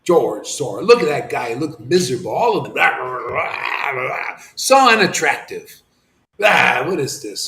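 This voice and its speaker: A man preaching an impassioned sermon as a spiritual teacher, swinging from shouts to hushed near-whispers and dropping casual slang. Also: a little high, very animated, unhurried. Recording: roomy echoey room.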